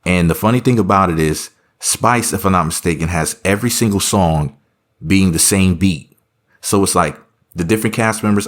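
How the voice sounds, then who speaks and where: Deep-voiced man, sarcastic rambling commentary. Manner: rambling, sarcastic, offhand asides. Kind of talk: casual reaction commentary.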